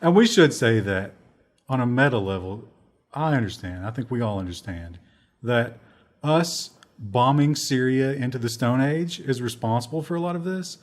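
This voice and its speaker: A sardonic man co-hosts a casual news discussion with friends, with a voice of middling pitch. He mocks stories by acting out quoted people and laughs at his own jokes. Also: expressive, normal speed. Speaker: co-host.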